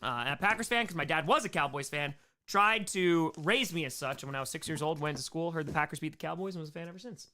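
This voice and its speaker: A man with a New York accent hosting a casual live stream Q&A, reading fan mail and viewer questions, excitable, repeating his thanks and shouting hype lines. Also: fairly high pitch, fast talker, slight background noise.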